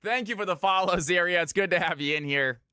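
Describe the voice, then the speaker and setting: A man's voice: sits high, quick pace, pushed and bright, clear, resonant tone, dry recording, clean studio sound. A man from California hosting a live game stream, commentating picks and greeting viewers by name in an upbeat way. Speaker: streamer casting viewer games.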